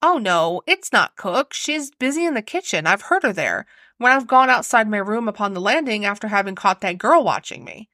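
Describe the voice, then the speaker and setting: A woman's voice: mid-range voice, expressive, normal speed, few pauses, bright, forceful tone, dry recording, studio quality. A woman voicing a young lady of the house in a storybook reading, uneasy and plaintive, with hesitant replies. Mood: fretful.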